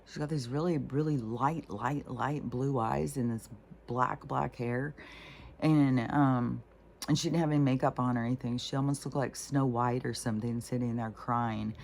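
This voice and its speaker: A woman's voice: extremely low pitch, fairly even intonation, normal speed, creaky, a little mellow, slight background noise. A middle-aged woman talking casually and bluntly, rambling with lots of fillers and swearing. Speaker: spiritual vlogger.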